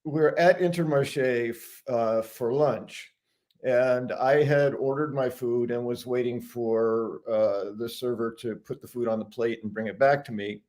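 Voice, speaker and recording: A man's voice: mid-range voice, steady tone, measured pace, a little mellow. Chatty man telling a story. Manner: chatty storyteller, frequent restarts and chuckles. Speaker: guest sharing an anecdote. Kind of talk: casual live-stream chat.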